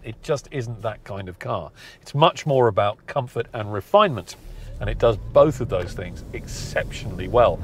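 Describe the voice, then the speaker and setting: Man, car reviewer, lively intonation, measured conversational delivery, inside a moving car, faint road hum. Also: mid-range voice. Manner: measured and conversational, weighing pros and cons. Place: inside a car, partly while driving.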